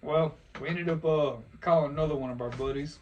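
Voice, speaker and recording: A man's voice: fairly high pitch, steady tone, fairly quick, lo-fi sound. A young man, telling profane, laughing stories in a casual podcast chat. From Louisiana, US. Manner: laid-back, profane, laughing storyteller. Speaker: podcast host. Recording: distant mic with faint noise.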